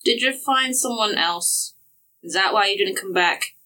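A woman's voice: mid-range voice, unhurried, bright, forceful tone, rough recording. A woman voicing a grown daughter who confronts her absent father with blunt, exasperated retorts.

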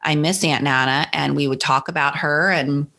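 A woman's voice: sits low, fairly even intonation, normal speed, gravelly. A woman from New Jersey, a guest and author, candidly and reflectively telling a personal story in an interview. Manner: reflective, candid, acts out her son's lines brightly.

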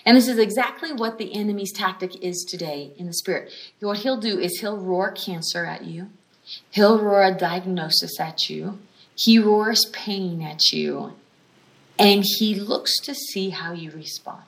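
A woman's voice: medium pitch, unhurried. A woman giving a conversational teaching sermon at a healing school, telling stories animatedly and stressing points with repeated phrases. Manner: frequent restarts and brief laughs.

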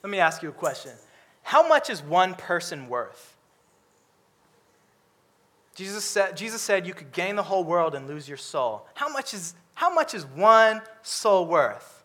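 A man preaching a sermon, lively and humorous, acting out characters with comic voices. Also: high-pitched, unhurried.

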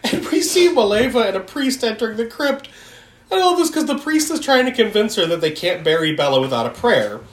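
A podcast co-host in a casual film recap chat, animated, laughing often and swearing while acting out quotes. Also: mid-range voice, a little fast, slight background noise. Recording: echoey room.

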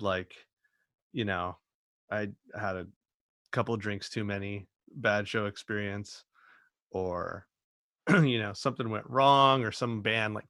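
A man's voice: lowish voice, fairly bright tone, dry recording, clean studio sound. A man co-hosting a podcast who tells stories in a casual, rambling and hedging way. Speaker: podcast co-host. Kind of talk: casual chat.

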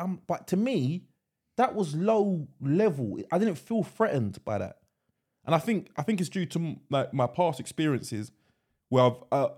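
A man with a husky, slightly breathy voice talks in a lively, sing-song way. He co-hosts a casual chat podcast, stumbling and restarting as he tells his stories. His voice sits a little higher than most men's. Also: moderate pace. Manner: animated storytelling, frequent restarts. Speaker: podcast co-host.

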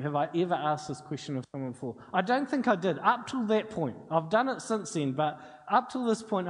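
A man preaching a sermon, telling a story in a chatty way and acting out the dialogue. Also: on the high side. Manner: conversational storytelling with quoted dialogue. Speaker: pastor. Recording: long hall reverb.

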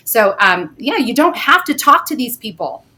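A woman speaking as a guest on a talk show, talking emphatically and getting loud at times. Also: fairly high pitch, very animated, normal speed. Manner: emphatic, gets loud when retelling confrontations. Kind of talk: casual chat.

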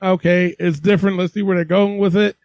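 A man co-hosting a casual wrestling podcast, rambling and profane, quick to laugh. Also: high voice, level tone, a little mellow, no echo. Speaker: podcast co-host.

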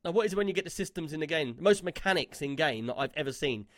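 Chatty gaming podcast host. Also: male voice, a little high, expressive, quick pace, fairly bright tone, dry recording, studio quality. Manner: chatty, rambling with fillers and restarts. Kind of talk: casual gaming podcast chat.

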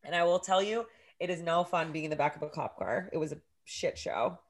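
A crowd can be heard behind this woman, whose low voice moves fairly quickly. She's a podcast co-host in her thirties, telling a story in casual chat with plenty of energy and constant swearing.

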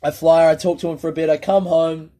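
A young Australian man with a fairly high voice, rambling through comic stories in a casual monologue. He swears freely, mocks himself, and slips into voices for the people he quotes. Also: level tone, fast, dark tone. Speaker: stand-up comedian.

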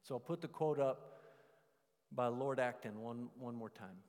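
Man, pastor, emphatic sermon delivery, middle pitch, long hall reverb. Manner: animated, emphatic preaching with drawn-out stressed words.

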